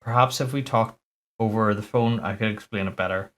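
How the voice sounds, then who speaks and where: A man's voice: lowish voice, fairly even intonation, brisk, fairly bright tone, lightly acted. A man reading aloud as an anxious, polite man who speaks formally and apologises often. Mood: urgent. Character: polite anxious middle-aged man, urgent neighbour.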